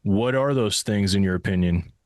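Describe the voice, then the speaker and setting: A man's voice: lowish voice, normal speed, darkish tone, no room sound. Rambling male interviewer, dry sound. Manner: rambling questions with restarts. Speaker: host interviewer. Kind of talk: interview conversation.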